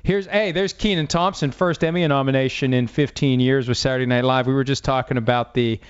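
Wry, smooth-voiced male sports host. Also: medium pitch, steady tone, brisk. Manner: wry, self-deprecating, rambling. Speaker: podcast host. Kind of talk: casual sports chat. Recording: dull, slightly lo-fi sound.

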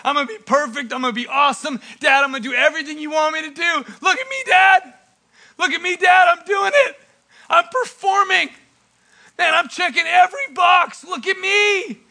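A preacher playing a cocky young son who brags about being awesome and wants to please everyone. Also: male voice, extremely high pitch, normal speed, gravelly, pushed and bright, pitched above the performer's own voice, exaggerated voice. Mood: eager. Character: young man, a boastful wayward son.

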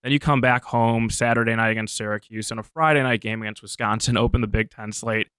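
A man giving steady, detailed sports betting analysis on a studio show. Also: fairly low pitch, quick pace, clear, resonant tone, no room sound. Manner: steady, informed, methodical.

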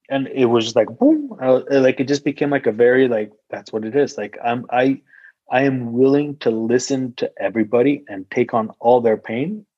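A man's voice: mid-range voice, mellow, no room sound, lo-fi sound. A man in casual podcast talk, telling a personal story in a rambling way, full of "like" and freely swearing.

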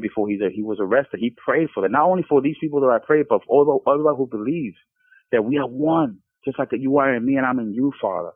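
A man's voice: mid-range voice, slightly rough, no echo. A man speaking as a podcast guest, giving an earnest Christian testimony with frequent stumbling restarts. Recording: tinny phone line.

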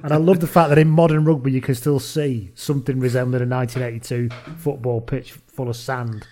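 A man's voice: medium pitch, steady tone, a little fast, warm tone. A man co-hosting a podcast, reading out listener messages in casual chat, swearing and joking as he goes. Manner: chatty, swearing, laughing asides. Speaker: podcast co-host.

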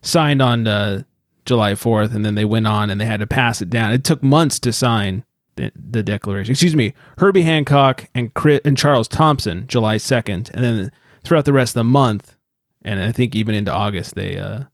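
A man's voice: medium pitch, normal speed, no echo, studio quality. A man co-hosting a podcast in casual chat, joking and rambling and swearing now and then. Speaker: podcast co-host.

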